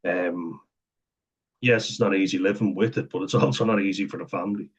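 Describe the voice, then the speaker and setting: A very deep-voiced man with a husky edge talks straight to camera in a loose, rambling way. He drops casual swear words and laughs easily between points, and the recording sounds dull and lo-fi. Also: fairly even intonation, fairly quick. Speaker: vlogger. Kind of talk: casual talk to camera, reading and commenting.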